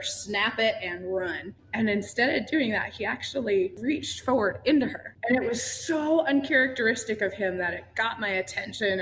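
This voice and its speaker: Podcast guest, woman, animated storyteller, faint background noise. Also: medium pitch. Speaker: podcast guest, ranch founder. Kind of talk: casual interview storytelling.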